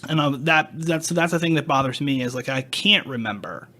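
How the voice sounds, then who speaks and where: A man's voice: on the high side, fairly quick. A man who is a paramedic, chatting candidly on a podcast and acting out quotes from old calls. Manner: animated, recounts calls with acted-out quotes. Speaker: paramedic guest.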